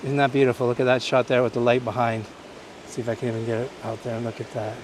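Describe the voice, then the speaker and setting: A man's voice: mid-range voice, little pitch movement, fast, background noise. A Canadian-raised man hosting a live-streamed walking tour outdoors on a coastline, chatting and pointing out the sights as he walks. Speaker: host.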